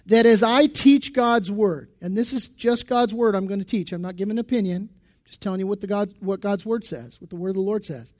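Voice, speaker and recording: A man with a very high voice preaches a sermon in a church. He talks conversationally, with restarts and asides to the congregation, as their pastor. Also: darkish tone.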